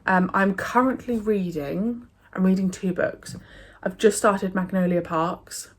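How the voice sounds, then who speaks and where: A young English book vlogger with a medium-pitched voice talks a little slowly as she enthuses about books she has read. Her casual review chat is full of fillers and restarts.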